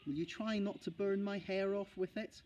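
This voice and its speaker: A man's voice: sits high, steady tone, normal speed, a little mellow, highs cut off, slight background noise, voice pushed up, natural voice. A man doing a cautious, worried boy. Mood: wary. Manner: anxious, questioning.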